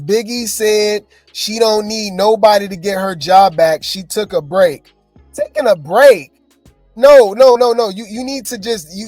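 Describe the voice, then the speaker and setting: High-voiced, exasperated gossip commentator man. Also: dry recording. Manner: animated, exasperated, talks straight to viewers.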